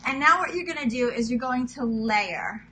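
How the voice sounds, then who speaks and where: This cooking vlogger, a thirtysomething woman from Queens with a New York accent, demonstrates a recipe in her home kitchen, chatting casually, poking fun at herself, and addressing viewers as "guys." She sounds a little high, expressive, and sharp at normal speed. The recording is rough, carrying some hiss or hum.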